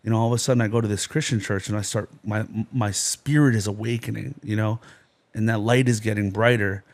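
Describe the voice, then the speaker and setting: A man's voice: on the low side, fairly even intonation, brisk. A man from New Jersey, a podcast guest, telling his life story in an intense, rambling way, full of "you know" and "like". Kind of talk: personal testimony in a podcast interview.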